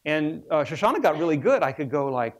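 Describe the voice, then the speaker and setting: A man's voice: on the high side, big pitch swings, fairly quick. Joking older man giving a science lecture. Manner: humorous anecdotal storytelling. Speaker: research biologist lecturer.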